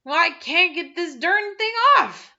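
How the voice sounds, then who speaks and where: A woman's voice: very high-pitched, animated, takes it slowly, pushed and bright, muffled recording, pitched above the performer's own voice, heavily acted. A woman voicing a meek, embarrassed farmer who speaks in a strained, apologetic way. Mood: flustered.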